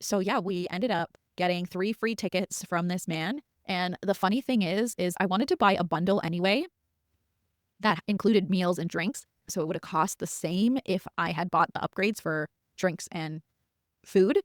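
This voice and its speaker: A woman's voice: on the low side, moderate pace, no echo, clean studio sound. A woman in her thirties hosting a podcast, telling a personal story in a chatty way, laughing now and then and quoting her own thoughts. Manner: chatty, laughs while telling, quotes herself in asides. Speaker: podcast host. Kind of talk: casual storytelling.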